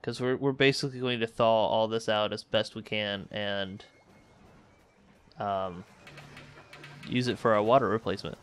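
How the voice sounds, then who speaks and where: A man's voice: fairly low pitch, fairly even intonation, moderate pace, long pauses, fairly bright tone, clear, resonant tone, faint music behind. Man musing over a colony sim. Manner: thinking aloud, musing and self-correcting. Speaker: let's play host. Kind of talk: casual gameplay commentary.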